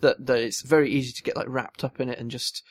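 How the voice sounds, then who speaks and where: A man's voice: mid-range voice, fairly even intonation, fast talker. A young man co-hosting a casual podcast chat, telling rambling stories full of restarts and fillers. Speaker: podcast co-host.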